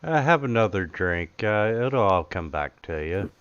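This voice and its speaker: A man narrating as game master of a tabletop game, halting and full of fillers. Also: low voice, big pitch swings, muffled recording, a crowd in the background.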